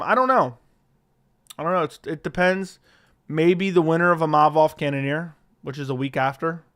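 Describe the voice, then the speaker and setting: Clear and resonant, his voice sits on the high side with a bit of brightness. He's a man hosting a live stream, casually voicing viewer questions and giving offhand replies, with plenty of swearing, into a studio dynamic mic.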